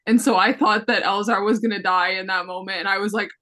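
A young woman chatting casually and dramatically with friends, gushing with quick asides. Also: mid-range voice, fairly even intonation, fairly bright tone. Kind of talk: casual fan chat.

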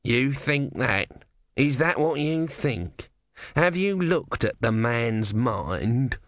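A man's voice: medium pitch, expressive, slow, fairly bright tone, no room sound, clean studio sound. A man voicing a bitter, sarcastic male god trapped as a small tortoise, in a storybook reading. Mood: exasperated. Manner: sarcastic, exasperated.

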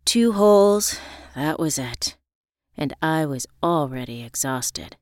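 A woman narrating a first-person story in a reflective, measured way. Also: low voice, animated, darkish tone, no echo, studio quality.

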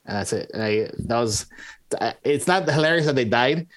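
A man co-hosting a casual movie review podcast who laughs often and talks haltingly. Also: mid-range voice, animated. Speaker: podcast co-host.

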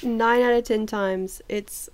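A woman's voice: a little high, steady tone. A woman co-hosting a podcast, chatting casually in a blunt, swearing way and explaining slang. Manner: blunt and swearing, quick asides. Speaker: podcast co-host. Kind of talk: casual chat.

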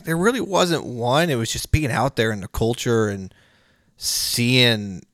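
A man's voice: mid-range voice, a little slow, a bit bright, no echo. Laid-back man, dry close sound. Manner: laid-back, rambling, many fillers. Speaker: podcast guest, Muay Thai fighter and promoter. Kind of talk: casual chat.

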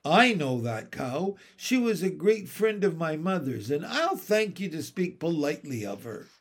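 A man's voice: fairly high pitch, big pitch swings, unhurried, full character voice. A man doing a prim, severe nanny. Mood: stern. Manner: severe, crisp, proper. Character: stern, prim nanny woman.

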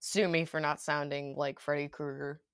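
A young woman chatting on a podcast, rambling through her thoughts with constant "like" and easy laughter. Her voice sits fairly low for a woman. The sound is dry and close, with no room around it. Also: flat delivery, normal speed, clean tone, no echo. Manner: rambling, lots of "like", laughs often. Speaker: podcast co-host. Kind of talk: casual chat.

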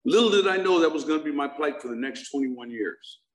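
A man's voice: a little high, expressive, a little fast. A middle-aged man telling a humorous personal recovery story to a live audience, joking and asking them questions. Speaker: speaker sharing his recovery story. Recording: echoey room.

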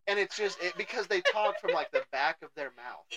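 This is a bright, sharp-toned man with a Southern US accent, hosting a podcast chat among friends. His voice swings around a lot as he jokes, trails off and teases himself. He sits at a podcast mic. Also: high-pitched, animated, brisk, rough recording. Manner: joking, self-mocking, trails off. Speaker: podcast host. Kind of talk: casual chat.

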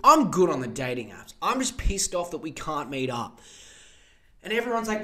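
A man in his twenties with an Australian accent, hosting a podcast in a profane, animated comedic rant. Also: high-pitched, moderate pace. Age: 20s. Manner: profane, animated, mock voices for others. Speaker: podcast host.

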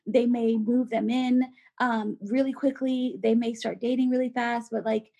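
A woman co-hosting a podcast in casual chat, animated and filler-heavy, acting out quoted voices. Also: fairly high pitch, a little slow, vocal fry, dull audio. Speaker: podcast co-host.

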